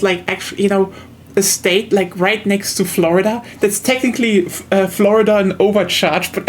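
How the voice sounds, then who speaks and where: A woman's voice: medium pitch, a little hiss or hum. A young woman from southern Germany with a German accent, chatting casually as a streamer while gaming, rambling with lots of fillers and restarts.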